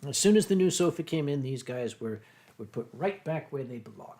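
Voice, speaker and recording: Throat-clearing Philadelphia man, rambling. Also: medium pitch, expressive, a little fast, dark tone. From United States. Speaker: streamer reading chat. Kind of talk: casual livestream chat.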